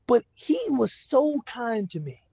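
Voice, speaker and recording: A man delivering an Islamic lecture speaks slowly in an extremely high voice with big pitch swings, gravelly, mellow, and husky, with no room sound. He shares a personal story conversationally, often asking "right?" and "you know," and is moved to emotion.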